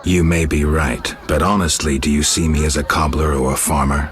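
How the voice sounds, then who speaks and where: A man's voice: extremely low pitch, level tone, normal speed. A man voicing a weary, stoic male monster hunter who speaks in a dry, terse, sardonic way. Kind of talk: video game voice acting.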